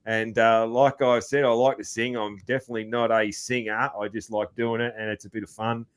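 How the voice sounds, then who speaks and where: An Australian man hosting a podcast, talking in a relaxed, rambling way with lots of fillers and calling his guest man. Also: medium pitch, fairly quick, smooth. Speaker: podcast host. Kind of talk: casual interview chat.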